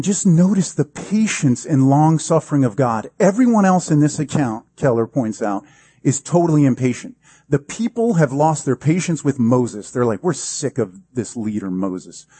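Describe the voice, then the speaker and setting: A man's voice: on the high side, warm tone, slightly rough, no room sound. A pastor preaching a sermon in a conversational, emphatic way, acting out the quotes he gives.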